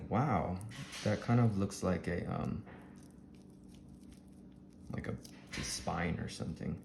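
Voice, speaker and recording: A man with a Texan accent, vlogging a fruit tasting at home in a slow, dreamy, gushing way with many ums. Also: low-pitched, creaky, darkish tone. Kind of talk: casual food tasting vlog. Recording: echoey room with faint ambient hiss.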